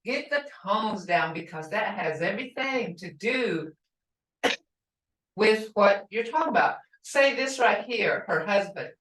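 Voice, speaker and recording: A woman's voice: mid-range voice, animated, measured pace, fairly bright tone. A woman teaching a language class, patiently repeating words to show how tone changes meaning. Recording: echoey room, voice from far off.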